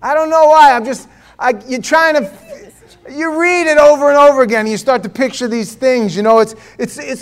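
A male pastor preaches in an animated, joking way, teaching verse by verse and acting out the scenes. His voice is high for a man and lively in delivery. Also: clear, resonant tone.

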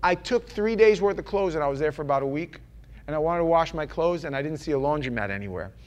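A man preaching a sermon in a loose, conversational way, rambling with restarts and often dropping to a quiet murmur. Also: on the high side, lively intonation, fast talker.

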